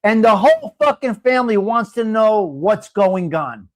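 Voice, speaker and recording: A man's voice: high voice, sing-song, normal speed. Blunt crude-talking New man. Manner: blunt, crude, laughing, talks straight to chat viewers. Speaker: host of a live coffee talk stream. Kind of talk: casual live-stream chat.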